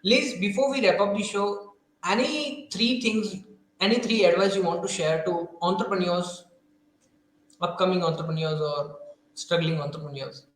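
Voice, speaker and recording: Man, interview host, high voice, hesitant, very echoey room. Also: normal speed. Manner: warm thanks, hesitant with fillers. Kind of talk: casual live interview.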